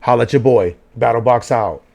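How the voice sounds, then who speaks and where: A man's voice: mid-range voice, fairly quick, creaky. A man, giving a profane late-night rant as a gaming vlogger. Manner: profane, animated ranting in slang.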